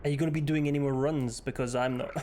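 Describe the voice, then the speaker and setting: A man's voice: medium pitch, steady tone, fast, warm tone, slight background noise. A man streaming a game, swearing freely and joking back and forth with his chat. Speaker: livestreamer. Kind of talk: casual gaming stream chat.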